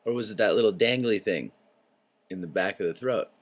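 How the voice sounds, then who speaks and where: A man hosting his own show, talking in a loose, rambling monologue that drifts into tangents, swearing freely and clearing his throat often. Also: lowish voice, fairly quick. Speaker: show host.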